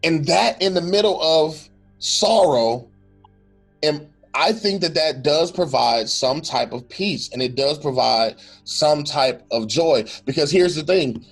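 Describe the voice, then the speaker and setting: A podcast co-host with a fairly high voice speaks slowly and with lively intonation over soft background music. In this casual faith-based talk he is earnest and reflective, often acts out what someone might say, and restarts often.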